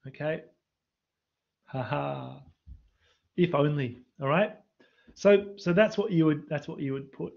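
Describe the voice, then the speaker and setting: A man's voice: on the high side, moderate pace, a little mellow, muffled recording. A man teaching a live-streamed maths revision lesson, quizzing students in the chat. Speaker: university maths lecturer. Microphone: computer mic on a live stream.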